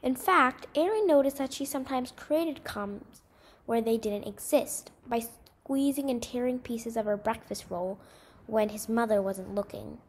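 A woman narrating a short story aloud in a measured, expressive storytelling manner. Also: on the high side, breathy edge. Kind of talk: scripted story reading.

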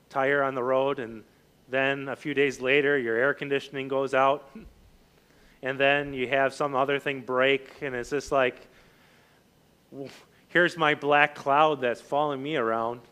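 A man giving a sermon as a pastor, talking conversationally with many fillers and restarts, lively when acting out scenes and quiet when personal. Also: moderate pace, clear, resonant tone. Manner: animated and loud when voicing the disciples, quiet and low when personal.

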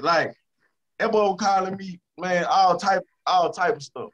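A Louisiana rapper talking casually in an interview, repeating himself for emphasis and turning quieter when he talks about stress. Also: sits high, a little slow, muffled recording. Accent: Southern US, Louisiana. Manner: emphatic and repetitive, drops to a subdued tone about stress.

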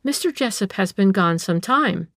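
A woman voicing a pert, sharp-tongued young woman in a storybook reading, with retorts that are acid and quick to answer back. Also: mid-range voice, animated, dry recording, studio quality.

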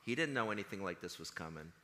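A man giving an earnest chapel talk to high school students, telling stories and acting out what others said. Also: lively intonation, quick pace, sharp tone. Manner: earnest storytelling, quotes others in conversation. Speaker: school chaplain. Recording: long hall reverb.

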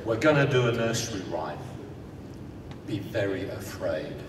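A man reciting comic nursery-rhyme verse with dry, deadpan jokes, heard from a distance in an echoey hall with rumbling noise. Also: a little slow. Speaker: comic performer.

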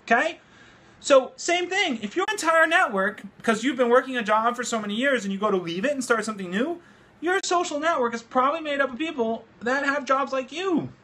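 A high-pitched man with a bright, forceful voice rants excitedly on a phone livestream. He drinks beer as he talks, swears casually and keeps the chat loose. The talk is recorded in his home studio. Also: brisk. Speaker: livestream host. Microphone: phone livestream app.

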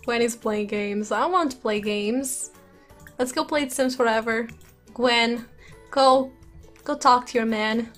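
A woman with a high voice narrates her video game at a relaxed, unhurried pace, laughing often and reacting aloud. She speaks close to a desk microphone. Faint game music plays underneath. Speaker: gaming YouTuber. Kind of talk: let's play commentary. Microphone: desk USB microphone.

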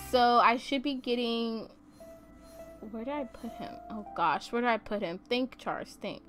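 High-voiced woman chatting over gameplay. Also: unhurried. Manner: chatty, giggly, exclaims often. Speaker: gaming YouTuber. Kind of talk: casual let's-play commentary. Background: faint game music.

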